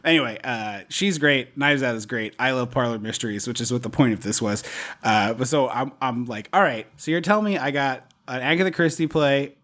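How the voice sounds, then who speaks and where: Man, podcast co-host, casual movie chat, rambling, quick laughs, mid-pitched voice. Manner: rambling, animated, laughs often.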